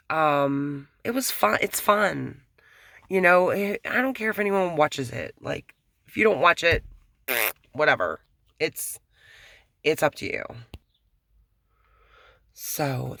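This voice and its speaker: A woman vlogging casually from her apartment, rambling and frank, swearing and sometimes dropping to a hush. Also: low-pitched, creaky, no echo, clean studio sound. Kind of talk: casual talk to camera. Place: apartment at home.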